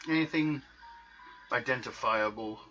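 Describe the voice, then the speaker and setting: A man's voice: medium pitch, a little slow, bright, forceful tone. A man voicing a weak-voiced male vampire count who speaks in a formal, clipped and disdainful way. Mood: weary. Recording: dull lo-fi recording, faint music behind.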